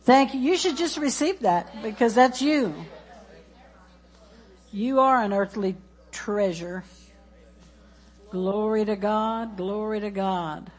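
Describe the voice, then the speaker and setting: A woman's voice: medium pitch, slow pace, pauses often. A woman preaching in church, exuberant and laughing as she chants scripture and calls out praise. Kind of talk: sermon.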